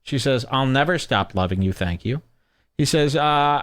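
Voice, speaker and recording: A man's voice: medium pitch, expressive, moderate pace, fairly bright tone, clear, resonant tone. A man hosting a casual commentary show, reading posts aloud with sardonic asides and mocking quote voices. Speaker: show host.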